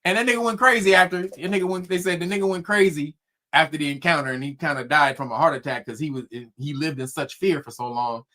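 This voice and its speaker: A man's voice: a little high, fast. A man casually telling a spooky story, cursing freely and laughing often. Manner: profane, laughing often, animated.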